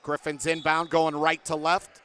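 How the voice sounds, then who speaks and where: A man's voice: on the high side, completely flat delivery, measured pace, fairly bright tone, clear, resonant tone. A man doing play-by-play for a basketball game from a broadcast booth, chatting with guests between plays. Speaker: play-by-play announcer.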